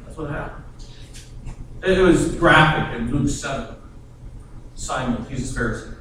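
A man preaching a sermon in an animated way, acting out the voices of the people in his stories, with an easy chuckle. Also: medium pitch, normal speed, a little hiss or hum. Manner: animated, acts out quoted voices, chuckles often. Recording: echoey room heard from a distance.

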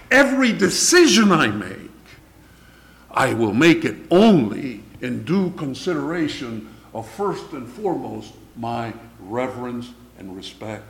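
Preaching a sermon, a man with a voice on the high side builds emphasis one word at a time, then sinks to almost a whisper. He lets out the occasional chuckle between points.

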